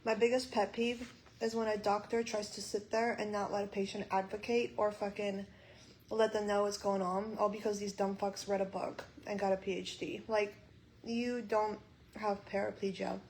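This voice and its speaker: Young woman vlogger, hospital room, angry and swearing as she vents; level, monotone voice. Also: mid-range voice, normal speed, slight background noise, rough recording. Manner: frustrated, swearing, quoting others in dialogue. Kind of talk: venting to camera.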